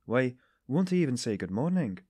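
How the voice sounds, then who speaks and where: A man narrating an audiobook, voicing a genial middle-aged detective who speaks in a jovial, gently ironic way. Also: medium pitch, sing-song, normal speed, slightly rough, dry recording, studio quality.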